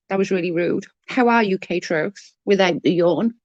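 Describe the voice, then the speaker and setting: A woman hosting a casual live stream, chatting with viewers and reading their messages, blunt and quick to swear when annoyed. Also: on the low side, a little mellow, no echo, highs cut off. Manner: chatty, reads and answers chat messages. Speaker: livestream host.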